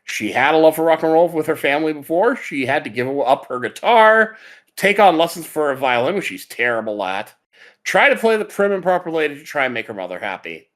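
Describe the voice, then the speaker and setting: A man's voice: fairly high pitch, brisk. A man co-hosting an anime podcast, summarizing a show's plot in a casual chatty way. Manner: lively, summarizing a plot with filler words. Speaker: podcast co-host. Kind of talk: casual chat about anime.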